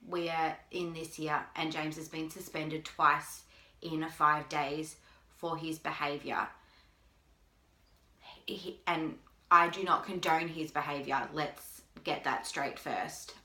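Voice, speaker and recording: A mother talking to camera in a halting way, with long pauses, holding back tears. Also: sits low, steady tone, sharp tone. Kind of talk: personal video appeal. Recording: echoey room.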